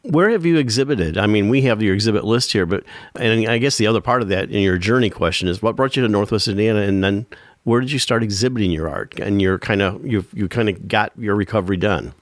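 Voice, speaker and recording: A man's voice: lowish voice, fast talker, no room sound, clean studio sound. A man hosting a radio arts show, asking long, meandering questions to his guest. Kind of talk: radio interview.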